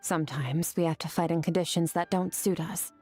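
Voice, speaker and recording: An actress voicing a calm, aloof young female swordswoman in a video game, speaking in a measured, composed way. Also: lowish voice, slightly rough, faint music behind. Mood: calm instructive.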